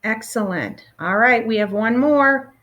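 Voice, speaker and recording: A woman teacher leading a recorded phonics lesson for children, patient and encouraging, pausing for answers. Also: on the high side, a bit bright, highs cut off.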